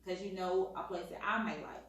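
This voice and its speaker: A soft-spoken woman, calmly asking questions in a casual chat with her partner. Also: fairly low pitch, a little fast. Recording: echoey room, distant mic.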